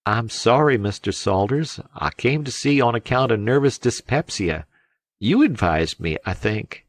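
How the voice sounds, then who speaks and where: A meek, muddled little farmer speaks softly and hesitantly, voiced by a male reader. The sound is dry and close, with a gentle, timid lilt. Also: mid-range voice, lively intonation, measured pace, no echo, voice pushed up.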